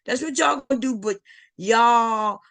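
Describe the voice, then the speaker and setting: Loud joking woman chatting to her stream. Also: fairly high pitch, a little slow, gravelly, no room sound. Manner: loud, joking, swears freely, talks straight to the chat. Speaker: livestream host. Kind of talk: casual livestream chat.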